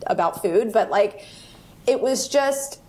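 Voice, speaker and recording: A woman in her forties, a guest on an interview podcast, telling an anecdote with lively energy and acting out the voices of the people in it. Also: mid-range voice, slow pace. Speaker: guest, food activist.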